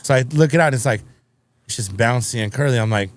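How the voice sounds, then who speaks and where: A man's voice: medium pitch, quick pace, noisy background. A man in his forties hosting a casual chat, telling loose, profane stories and acting out what others said. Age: 40s. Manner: loose, profane storytelling with voiced quotes. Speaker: podcast host.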